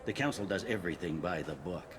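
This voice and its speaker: A deep, gruff police captain. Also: male voice, lively intonation, fast, very noisy. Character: blunt male station police captain, pragmatic.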